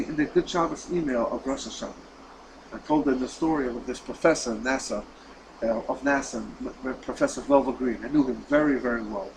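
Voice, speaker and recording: A man teaching a class as a rabbi, telling a story with lively delivery, repeating words and acting out the quoted lines. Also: mid-range voice, background noise. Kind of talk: storytelling lesson.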